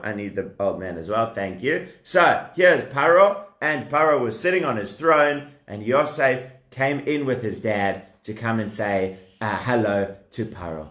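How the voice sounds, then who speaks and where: At home, a man in his thirties tells children a puppet story, animated and asking them questions along the way. His voice is mid-range and the sound is reverberant.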